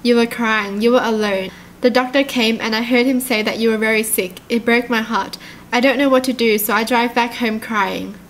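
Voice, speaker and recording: A devoted young boyfriend from a text-message story, tender and pleading, as a woman reads him out. The voice stays high and light. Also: steady tone, moderate pace, fairly bright tone, a little hiss or hum.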